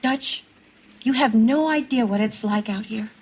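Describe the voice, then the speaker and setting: A woman's voice: a little high, unhurried, darkish tone, husky. An actress playing a theatrical, gushing woman from Connecticut who is visiting her jailed lover in a TV sitcom. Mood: melodramatic. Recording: sitcom with studio audience laughter.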